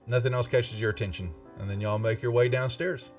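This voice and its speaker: A man narrating a tabletop game as game master, halting and full of fillers. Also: mid-range voice, fairly even intonation. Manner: halting, many fillers and restarts. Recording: distant mic with faint music.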